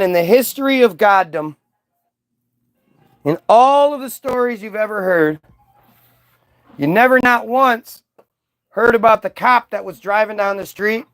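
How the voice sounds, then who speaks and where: A man's voice: high voice, fairly bright tone, no room sound. A man delivering a profane, sarcastic ranting monologue, mocking as he goes. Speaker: vlogger.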